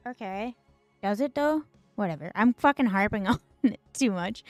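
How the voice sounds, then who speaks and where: A woman's voice: mid-range voice, expressive, normal speed, darkish tone, dry recording, soft background music. A woman streamer ranting in casual commentary, exasperated and sarcastic, swearing and piling up fillers.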